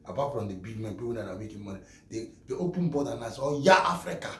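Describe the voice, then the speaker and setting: A man's voice: lowish voice, rapid-fire, warm tone, reverberant. A Nigerian man giving impassioned commentary, emphatic and repeating his phrases for force.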